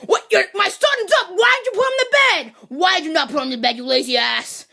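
Woman doing a gravelly, bright, lazy slob koopa king, gruff, bossy, comedy skit. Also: very high-pitched, brisk, full character voice. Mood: grumpy bossy.

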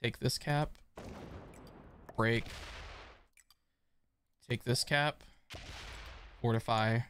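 A man streaming a strategy game live, swinging between excited shouts and quiet muttering, scolding his chat. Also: mid-range voice, extremely slow, slight background noise. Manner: swears mildly, talks to chat.

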